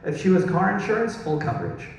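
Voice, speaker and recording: A man's voice: sits high, big pitch swings, gravelly, slight background noise. A man in his thirties from Dallas, Texas, telling self-mocking stories in a stand-up comedy set. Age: 30s. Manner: storytelling, self-mocking, quick asides to the crowd. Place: large hall, recorded from far off. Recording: very echoey hall, distant mic.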